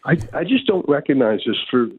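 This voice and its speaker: A man's voice: mid-range voice, big pitch swings, fairly quick. A man in his fifties from Canada, a guest in a remote interview, talking in an agitated way with many repeated words and restarts. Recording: tinny phone-like line.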